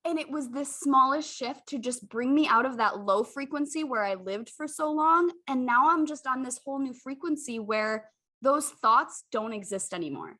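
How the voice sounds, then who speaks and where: This woman's high-pitched voice is expressive, pushed and bright, at a moderate pace, as she hosts a casual podcast chat. Candid and effusive, she often talks right to her listeners, calling them "you guys."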